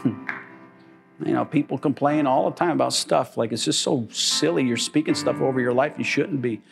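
A middle-aged man preaching a sermon, animated and joking, with sudden high exclamations and laughter. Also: normal speed, creaky, over music.

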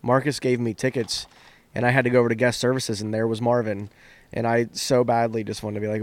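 A drunk man co-hosting a podcast, chatting easily in a relaxed, joking way. His voice is mid-pitched and sits dry and close to the mic. He tells his stories loosely and with a grin. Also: moderate pace, no room sound. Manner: laid-back, chatty, laughs along. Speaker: podcast co-host. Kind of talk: casual chat.

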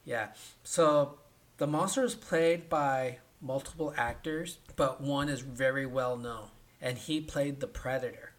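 A man co-hosting a casual podcast, retelling a film plot in an animated way, acting out the characters' lines and often asking "right?". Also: mid-range voice, a little slow. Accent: Californian. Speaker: podcast co-host. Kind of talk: casual movie recap chat.

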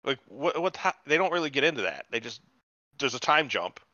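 A man's voice: mid-range voice, very animated, brisk, pushed and bright, no room sound. A man on a casual podcast, recapping an episode in a rambling, profane way and acting out the characters' lines. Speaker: podcast host. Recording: slightly dull lo-fi sound.

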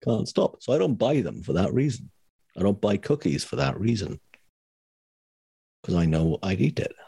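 A man's voice: on the low side, sing-song, moderate pace, gravelly, warm tone, husky. A man co-hosting a podcast in casual chat, rambling and self-mocking with a wry humor. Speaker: podcast co-host.

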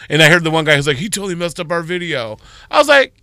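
A man's voice: a little high, big pitch swings, fast, hardly any pauses, bright, forceful tone, smooth, no echo, studio quality. A man in his thirties co-hosting a morning radio show, telling a story with sass and animation. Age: 30s. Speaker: radio co-host. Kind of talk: casual radio banter.

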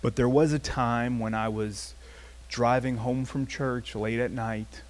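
A man's voice: medium pitch, unhurried. A man preaching a sermon as pastor, in a conversational style and telling a personal story. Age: adult, past his teens. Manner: conversational, animated storytelling with acted quotes.

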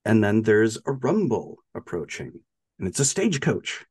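A man's voice: lowish voice, very animated, normal speed, a little mellow, breathy edge, dry recording, studio quality. A man co-hosting a podcast, casually retelling a movie with lots of laughs and filler words. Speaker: podcast co-host.

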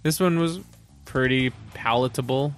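A man's voice: mid-range voice, faint music behind. Wisecracking man on a podcast. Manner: wisecracking, quick puns. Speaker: podcast co-host. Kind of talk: casual podcast chat.

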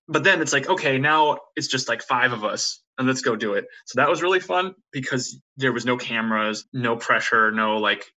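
A man's voice: medium pitch, pushed and bright, rough recording. A young man telling a ghost story in casual conversation, rambling with many fillers and restarts and acting out what others said. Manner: rambling, frequent fillers and restarts, acts out quotes. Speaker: podcast guest telling ghost stories.

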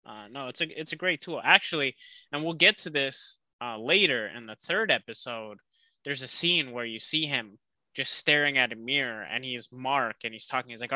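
Male co-host, loose and chatty, sharp bright tone. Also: medium pitch, normal speed, dry recording. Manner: relaxed, full of fillers like "uh" and "like". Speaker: podcast co-host. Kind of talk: casual chat reviewing a TV series.

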